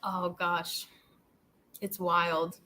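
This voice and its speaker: Bright-voiced woman rambling casually. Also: on the low side, little pitch movement, extremely slow, a little hiss or hum. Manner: rambling, heavy use of "like" and "dude"; amused, laughs between thoughts. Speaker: channel host. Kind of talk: casual commentary chat.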